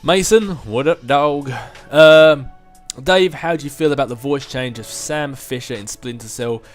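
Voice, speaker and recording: A man's voice: medium pitch, moderate pace, faint music behind. Chatty young man, chuckling. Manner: chuckles often, rambling and self-mocking. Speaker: gaming video host answering viewer questions. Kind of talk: casual Q&A chat.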